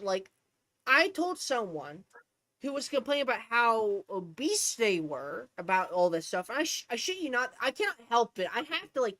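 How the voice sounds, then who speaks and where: Lively, bright-voiced woman ranting casually. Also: on the high side, no room sound. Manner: profane, rambling, animated storytelling. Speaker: streamer.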